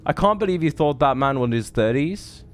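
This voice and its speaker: A man's voice: medium pitch, animated, a little fast. 30-something streamer guy swearing a ton, rambly, chatting with chat while playing. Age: 30s. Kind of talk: live gameplay commentary.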